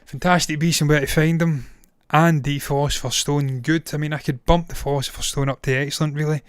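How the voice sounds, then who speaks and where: His voice is a little high, smooth and fairly even, moving a little fast in clean studio sound with no room sound. He's a film reviewer and live-streamer in his thirties ranking movies casually on stream, blunt, opinionated and quick to swear, his voice worn and strained from hours of talking.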